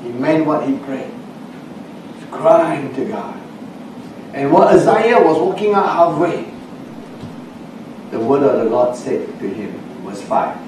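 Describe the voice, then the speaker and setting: A man preaching a sermon as a pastor. He speaks slowly, dropping to a hush at times and rising to shouts for emphasis. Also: medium pitch. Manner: slow, swings from hushed to shouting with emphasis. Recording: echoey hall, recorded from a distance with faint background noise.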